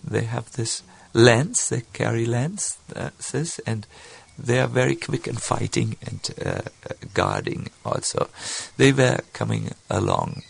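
A man gives a slow devotional sermon, telling a story with lively, swooping pitch. His voice has gravelly fry and a husky edge. He speaks haltingly, with many fillers and restarts. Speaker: spiritual speaker.

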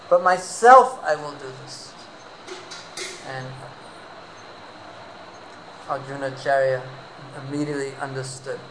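A man preaching a devotional sermon, an animated storyteller who weaves in Sanskrit terms. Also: on the high side, slight background noise, low-quality recording.

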